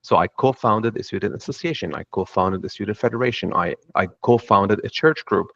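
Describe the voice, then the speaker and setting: A middle-aged man from Lebanon, speaking with a Lebanese accent, shares his personal path on a panel with earnest, reflective storytelling. His lowish, slightly bright voice is fairly quick and has vocal fry. The sound is dull and dry, with no echo.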